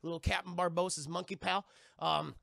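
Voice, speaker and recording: A man casually reviewing a film for his stream's chat, with a profane, rambling, animated way of retelling scenes. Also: high voice, moderate pace, creaky, no echo, studio quality.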